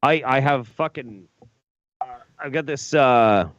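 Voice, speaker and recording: A man's voice: mid-range voice, slow, highs cut off. A drunk man co-hosting a talk show, telling a rowdy, profane story and acting out quotes. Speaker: co-host.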